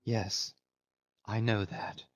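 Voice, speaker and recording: A male audiobook reader voicing a frightened young woman who speaks in a hushed, barely audible tone. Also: on the low side, little pitch movement, drawn-out words, no echo. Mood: breathless hushed. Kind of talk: audiobook reading. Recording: dull, dry lo-fi recording.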